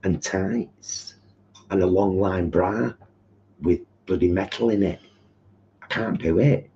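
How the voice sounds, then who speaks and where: A man with a very deep voice chats casually on a live kitchen stream. He tells camp, gossipy stories. The sound is dull and lo-fi. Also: takes it slowly, creaky, dark tone. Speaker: co-host of a live cooking stream. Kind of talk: casual chat. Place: home kitchen.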